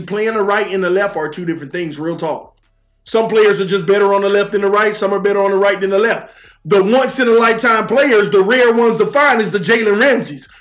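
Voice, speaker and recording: High, fired-up man ranting. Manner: animated, shouting, laughing, talks to chat. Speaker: livestream sports talk host. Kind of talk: heated casual livestream rant. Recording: echoey room with faint music.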